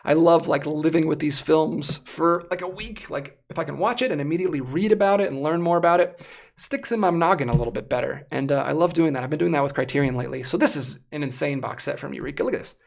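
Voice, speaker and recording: Gravelly, animated livestream host. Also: medium pitch, fast. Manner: animated, excitable. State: voice going hoarse. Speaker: livestream host reviewing disc collectibles. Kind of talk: casual livestream chat.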